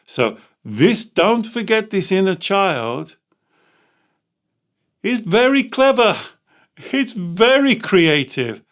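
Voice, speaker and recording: A man who hosts a coaching podcast, explaining ideas and acting out quoted inner voices in lively asides. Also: high-pitched, takes it slowly, pauses often. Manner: animated, acts out inner voices. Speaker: life coach and podcast host. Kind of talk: conversational coaching talk.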